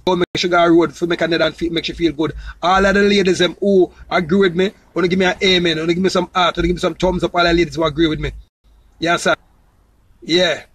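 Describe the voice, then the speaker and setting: A man's voice: on the high side, a bit bright, slightly rough, no room sound, poor audio. A man with a Jamaican accent in a loose, rambling casual monologue, repeating himself and often asking if you understand. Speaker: entertainer promoting his new song.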